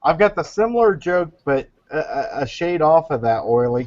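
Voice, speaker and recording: Man, fairly high, very lively pitch, rambling joke-teller, casual group chat, lo-fi muffled sound. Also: moderate pace, music in the background. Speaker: chat show regular.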